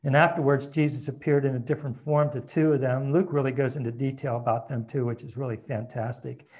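A man preaching a sermon in a conversational way, reading scripture aloud and dropping to a soft, hushed voice at tender moments. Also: mid-range voice, steady tone, fairly quick, husky. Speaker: pastor.

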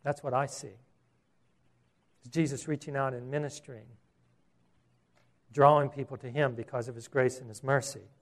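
A man's voice: mid-range voice, steady tone, normal speed, long pauses. A man preaching a sermon, earnest, with repeated words and rhetorical questions.

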